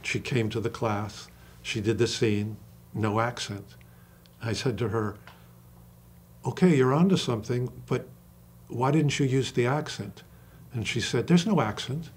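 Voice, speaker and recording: An older man, an acting coach, talking in an interview with passion and slowing down to stress single words. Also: medium pitch, darkish tone, a little hiss or hum. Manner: passionate, emphatic storyteller who acts out quoted dialogue. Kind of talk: interview conversation.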